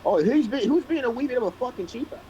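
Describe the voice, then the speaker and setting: A man's voice: extremely high pitch, expressive, quick pace, lo-fi sound, slight background noise, voice pushed up. A man playing a tabletop game, voicing a rowdy, swearing British-accented young man with a put-on accent. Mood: brash. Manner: loud, slangy, swears a lot. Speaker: player.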